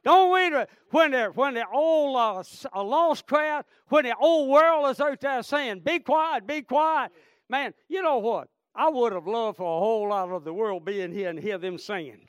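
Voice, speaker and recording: A man's voice: extremely high pitch, normal speed, hardly any pauses, clean tone, no echo, studio quality. A man preaching a sermon with fervor, repeating phrases and calling out to the congregation. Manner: fervent, repetitive, calls out "Amen?" and "friend".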